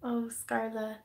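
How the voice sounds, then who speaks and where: A woman's voice: on the high side, vocal fry, a little hiss or hum. A young woman hosting a casual craft livestream, reading viewer comments and chatting with giggles and fillers. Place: home craft room.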